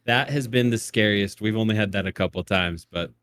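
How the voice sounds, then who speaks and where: A man hosting a casual podcast chat, easygoing, laughing often and trailing off softly. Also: fairly low pitch, fairly quick, clear, resonant tone. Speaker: podcast host.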